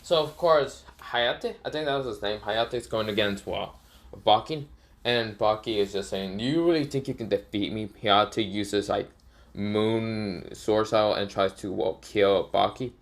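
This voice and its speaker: A man's voice: fairly low pitch, steady tone, measured pace. A man casually retelling a fan-made story in a rambling way, full of fillers and restarts.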